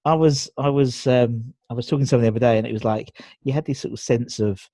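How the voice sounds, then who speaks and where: A man's voice: medium pitch, fast, mellow, no room sound. Chatty man hosting an interview. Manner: chatty, laughing, rambling restarts. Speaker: podcast host. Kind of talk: casual video interview.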